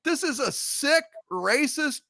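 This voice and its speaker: A man's voice: very high voice, expressive, slow, creaky, sharp tone, no room sound. A man hosting a review panel, ranting furiously with heavy profanity and stammering restarts. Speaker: channel host.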